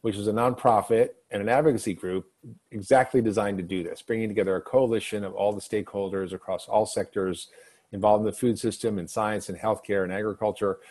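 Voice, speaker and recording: Male podcast host, lowish voice, earnest advocate, conversational. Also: steady tone, brisk, darkish tone. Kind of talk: conversational interview.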